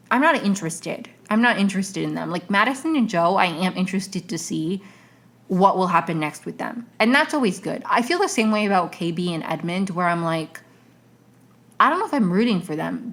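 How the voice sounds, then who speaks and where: A woman hosting her own podcast, giving rambling, exasperated commentary full of fillers and restarts. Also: mid-range voice. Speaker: podcast host. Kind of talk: casual solo commentary.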